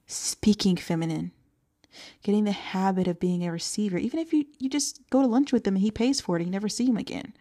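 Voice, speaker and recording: Speaking to single moms on her solo podcast, this young adult woman coaches listeners with earnest intent. Her mid-range voice has a darkish tone, and she sometimes falls to a whisper to stress a point.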